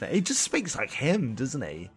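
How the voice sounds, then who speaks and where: A slow-talking young man co-hosting a podcast, his voice rising and falling with lively swings. He jokes at his own expense and laughs often, with faint music playing underneath. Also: medium pitch. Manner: self-deprecating, laughs a lot, joking. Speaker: podcast co-host. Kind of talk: casual chat with impressions.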